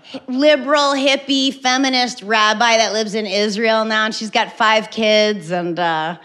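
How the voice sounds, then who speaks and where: Deadpan woman doing stand-up. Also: a little high, unhurried. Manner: deadpan storytelling with bursts of acted shouts. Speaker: stand-up comedian. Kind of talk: stand-up comedy set. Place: stage before a live audience.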